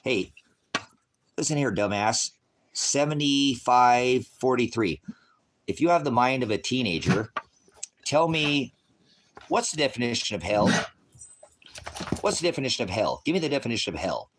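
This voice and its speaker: A man in his sixties rambling through a live-stream monologue, cursing freely and swinging between low mutters and loud rants. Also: big pitch swings, normal speed, pauses often, noisy background. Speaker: livestreamer.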